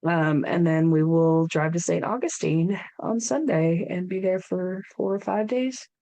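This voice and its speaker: A woman in her thirties with a somewhat low voice talks casually on a podcast. She rambles and restarts often, with plenty of fillers. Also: measured pace, mellow. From United States. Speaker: podcast co-host. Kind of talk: casual chat.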